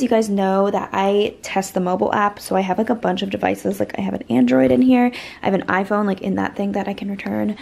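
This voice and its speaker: A woman's voice: mid-range voice, vocal fry, a little mellow, slight background noise, rough recording. A woman in her twenties vlogging in a casual, earnest way, full of filler words. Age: 20s. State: emotional, close to tears. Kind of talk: casual vlog chat.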